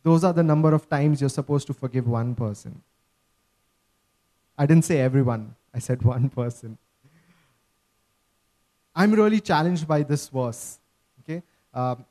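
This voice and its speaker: A man's voice: a little high, a little mellow. A man preaching a sermon, earnest and emphatic, often checking in with his listeners.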